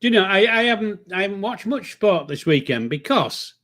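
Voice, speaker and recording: An older man with a Yorkshire accent, co-hosting a casual live stream with halting, hesitant talk and dry humour. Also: high-pitched, very animated, a bit bright. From Yorkshire, England.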